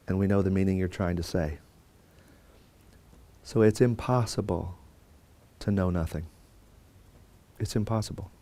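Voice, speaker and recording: A man's voice: low-pitched, dark tone. A man teaching a Bible course in a conversational lecture style, with fillers and restarts and quotes acted out. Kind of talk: classroom lecture.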